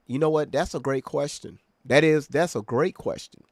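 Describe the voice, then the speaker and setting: In casual commentary for a reaction video, a man speaks directly and emphatically to viewers, repeatedly making sure they follow. His voice sits a little high, with fairly even intonation at a moderate pace. The studio-quality audio has no room sound.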